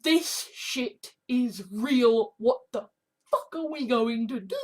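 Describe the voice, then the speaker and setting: High-voiced woman ranting profanely. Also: takes it slowly, breathy edge. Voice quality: swears constantly, animated and blunt. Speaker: video blogger.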